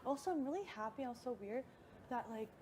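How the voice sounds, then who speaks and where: A young woman, a reality show houseguest, chatting casually and excitedly, acting out what others said. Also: a little high, a little fast. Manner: excitable, quotes others in animated voices. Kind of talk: casual chat. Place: live feed house recording. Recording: noisy live feed audio.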